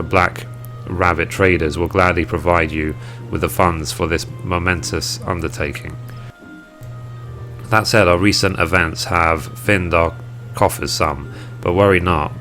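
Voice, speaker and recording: A man's voice: deep voice, steady tone, moderate pace, bright, forceful tone, soft background music. A man reading the lines of a gracious female merchant consignor from a game, in formal, flowery old-fashioned speech. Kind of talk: reading game dialogue aloud.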